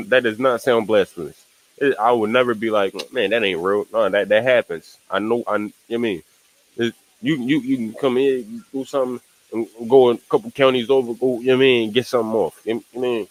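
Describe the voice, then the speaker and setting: A man's voice: on the low side, low-quality recording. A young man streaming casual reaction commentary, rambling in slang, repeating "you know what I'm saying" and laughing at asides.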